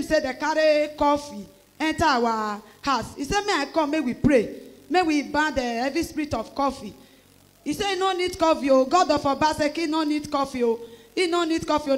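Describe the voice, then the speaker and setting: In an emotional church testimony, a middle-aged woman whose voice sits high speaks with a Nigerian Pidgin English accent. Her story comes alive through animated exclamations and her imitations of other people's voices.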